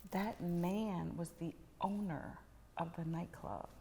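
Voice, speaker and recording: Middle-aged woman telling her life story on a podcast, lowish voice, big echoey room. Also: slow, a little hiss or hum. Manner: animated storyteller, drops to whispers for tense moments. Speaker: podcast guest. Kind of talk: personal storytelling.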